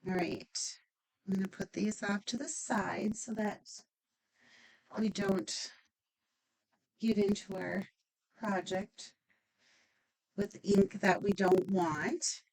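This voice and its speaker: Slow-talking chatty woman craft demonstrator. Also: mid-range voice, vocal fry, darkish tone, poor audio. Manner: chatty, upbeat, thinking aloud with fillers. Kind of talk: stamping craft tutorial.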